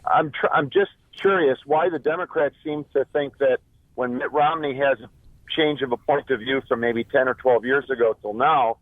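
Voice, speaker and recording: A man's voice: mid-range voice, normal speed, no room sound. A man calling in to a radio show over a tinny phone line, his voice in the middle register and dry. He is chatty and eager to share a joke. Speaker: radio caller. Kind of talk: phone-in call. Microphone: telephone.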